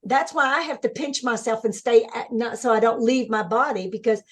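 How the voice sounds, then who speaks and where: Excited spiritual woman telling her story. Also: fairly high pitch, moderate pace. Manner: enthusiastic, spiritual, talks in bursts with restarts. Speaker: guest speaker.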